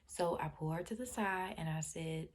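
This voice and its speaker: Soft-spoken woman telling a story. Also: sits low, moderate pace. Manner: drops to a soft near-whisper when quoting herself with the child. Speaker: channel host. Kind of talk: casual storytelling to camera.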